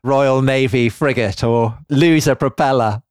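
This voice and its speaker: A man's voice: medium pitch, measured pace, a little mellow, clear, resonant tone, dry recording, studio quality. Wry man telling a history story. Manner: wry, storytelling, lays out events step by step. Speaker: podcast co-host. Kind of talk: casual history podcast chat.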